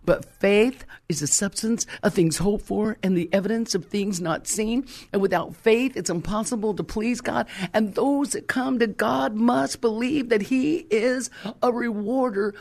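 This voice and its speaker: Woman preacher, middle-aged, telling her story big, slows way down on the scripture bits. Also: a little high, vocal fry, a little mellow. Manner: emphatic, stretches key words slowly. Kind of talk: storytelling sermon.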